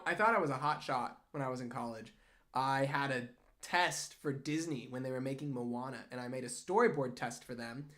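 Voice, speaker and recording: Young artist streaming, answers chat, goofy tangents, mid-pitched voice. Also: fairly bright tone. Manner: rambling, playful, jokey asides. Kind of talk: casual livestream chat, answering viewer questions.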